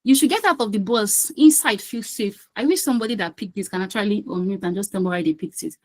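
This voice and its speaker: A woman's voice: medium pitch, fast, darkish tone, poor audio. Woman, quiz host, chatty, coaxing, repeats herself, video call audio. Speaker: quiz host and session facilitator. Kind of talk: casual online quiz session.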